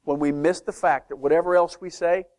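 Male preacher delivering a sermon, somewhat high pitch, animated with sudden quiet passages. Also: a little fast. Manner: animated, swings from loud to hushed, acts out doubters' voices.

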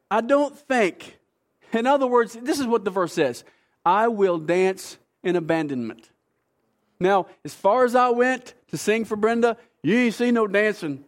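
A man delivers a sermon in a notably high voice. He preaches with emphasis, easing into soft, hushed passages before building to excited, louder bursts. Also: moderate pace. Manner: animated, emphatic preaching with sudden shifts between soft and loud. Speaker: pastor.

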